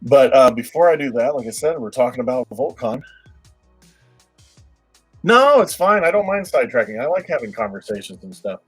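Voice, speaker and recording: Man, livestreamer, husky voice, mid-pitched, rambling casual chat, faint music behind. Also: lively intonation, normal speed, low-quality recording. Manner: rambling, repeats words, laughs often.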